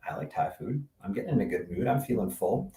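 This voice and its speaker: A man in real estate telling a dating story to camera, wry and animated with dry sarcastic asides. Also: on the low side, fast talker, recorded from a distance. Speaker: real estate agent sharing a tip-of-the-week video. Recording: roomy sound, mic set back.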